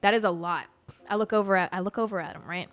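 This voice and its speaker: A woman hosting a podcast, telling a story in a blunt, profane, animated way. She grew up in Georgia and talks in a casual monologue. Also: medium pitch, fast, soft background music. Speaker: podcast host.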